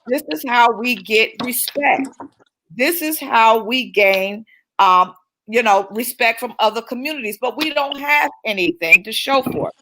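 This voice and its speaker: A woman's voice: fairly high pitch, unhurried, bright, forceful tone, slight background noise, poor audio. A woman minister speaking fervently in a church-style talk, repeating phrases for emphasis.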